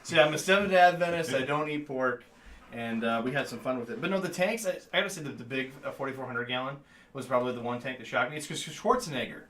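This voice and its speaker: Male guest, relaxed jokey chatter, bright voice. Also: medium pitch, fast. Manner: easygoing, joking, reads chat comments aloud. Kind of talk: casual livestream chat.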